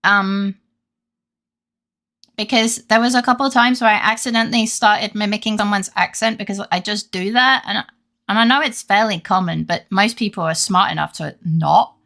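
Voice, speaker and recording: A woman's voice: mid-range voice, moderate pace, gravelly, pushed and bright. A young woman chatting casually on a game live stream, reading chat and rambling with freely dropped swears.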